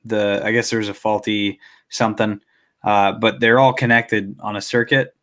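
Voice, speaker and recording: A man in his late twenties telling stories in casual podcast chat, relaxed and swearing freely. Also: lowish voice, moderate pace. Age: 20s.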